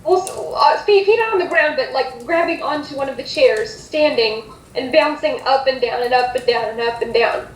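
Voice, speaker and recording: High-pitched woman running a tabletop game, halting and rambly, recorded in a roomy space. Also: a little hiss or hum. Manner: rambling, hesitant, self-correcting. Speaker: game master. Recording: echoey room.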